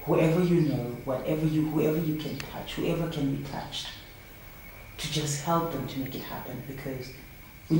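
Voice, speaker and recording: A woman's voice: deep voice, dark tone, a little hiss or hum. A woman and project founder being interviewed, speaking with passion and firing off emphatic rhetorical questions. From South Africa. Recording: roomy sound from a distant mic.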